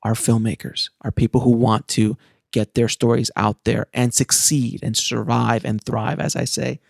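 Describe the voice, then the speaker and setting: A man's voice: medium pitch, level tone, moderate pace, gravelly, slightly rough, no echo, clean studio sound. A middle-aged man, a filmmaker hosting his own show, talking earnestly and passionately to his listeners, often restarting his phrases. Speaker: filmmaker and podcast host. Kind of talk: casual monologue to listeners.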